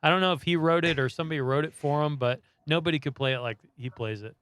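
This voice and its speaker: A man's voice: on the high side, fast, fairly bright tone. A man hosting a podcast, talking loosely about movies, full of "like" and swearing. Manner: loose, swears a lot, many likes. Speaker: podcast host. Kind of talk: casual chat.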